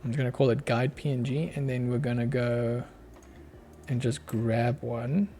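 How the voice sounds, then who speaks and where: A man's voice: medium pitch, little pitch movement, moderate pace, dark tone, a little hiss or hum. A young Australian man on a casual live coding stream, muttering to himself as he works and chuckling now and then. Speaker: streamer, app developer.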